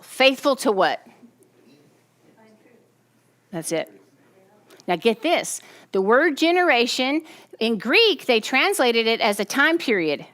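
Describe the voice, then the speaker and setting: A woman preaching to a group, her voice sitting a little high. She is animated and keeps checking in with her listeners as she teaches. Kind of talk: sermon.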